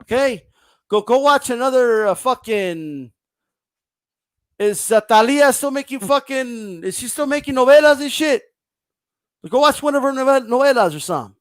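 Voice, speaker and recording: A man's voice: very high-pitched, animated, normal speed, clean tone, dry recording. A man hosting a casual boxing livestream, ranting bluntly and profanely and reading viewer comments aloud.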